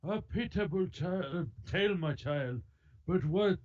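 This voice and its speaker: A man's voice: sits high, a little slow, dull audio, voice pushed up. A man voicing a solemn priest hearing a confession, in a mock-pious way.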